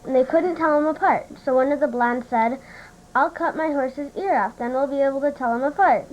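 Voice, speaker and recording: High-voiced woman chuckling through jokes. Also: fairly quick. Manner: chuckling through her punchlines. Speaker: relative telling jokes at a family party. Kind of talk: casual joke telling. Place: family home at a holiday party. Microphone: home camcorder. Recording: muffled home camcorder audio with faint hiss.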